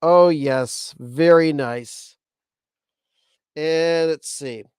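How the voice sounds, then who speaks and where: Male livestream host, somewhat high voice, dry close sound, rambling and enthusiastic. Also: drawn-out words, darkish tone, clean tone, no echo. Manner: chatty and enthusiastic, rambling with restarts. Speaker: livestream host, record collector. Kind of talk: casual livestream chat.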